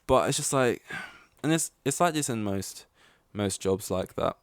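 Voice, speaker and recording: A man's voice: fairly low pitch, lively intonation, measured pace, no echo, clean studio sound. A young man, hosting a casual solo podcast and telling a story in a rambling, blunt, laid-back way with some swearing. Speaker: podcast host.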